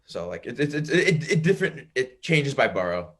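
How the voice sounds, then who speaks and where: A man's voice: medium pitch, very animated. A man from Brooklyn with a Brooklyn accent, co-hosting a podcast and arguing his points in casual chat. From Brooklyn, New York. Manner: argumentative, quick rebuttals. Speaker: podcast co-host.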